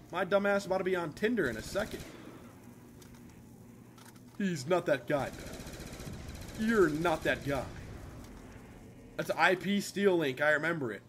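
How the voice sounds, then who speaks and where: A man's voice: fairly high pitch, a little hiss or hum. A young man streaming live, chatting casually and profanely with his viewers. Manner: profane, animated, talks to chat.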